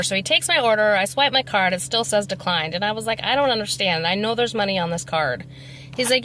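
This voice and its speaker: A woman's voice: medium pitch, moderate pace. Chatty woman telling a story from her car. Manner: chatty, rambling, animated retelling. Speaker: vlogger. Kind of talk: casual storytelling while driving. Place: inside a car. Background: faint car noise.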